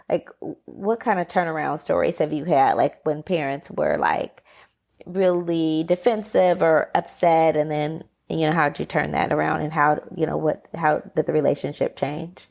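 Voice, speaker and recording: Gravelly-voiced woman podcast host. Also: fairly low pitch, darkish tone. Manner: rambling questions full of fillers and restarts. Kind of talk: conversational interview.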